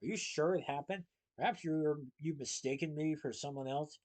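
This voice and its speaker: A man's voice: fairly high pitch, moderate pace, darkish tone, natural voice. A man voicing an eager, earnest young male chocolate maker who gets flustered, in a storybook reading.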